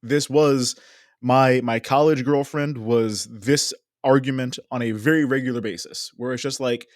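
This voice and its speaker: A man's voice: medium pitch, fairly even intonation, measured pace, no echo, clean studio sound. A man co-hosting a podcast, chatting casually about a reality show in a wry, exasperated way and swearing now and then. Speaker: podcast co-host. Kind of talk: casual reality-TV recap chat.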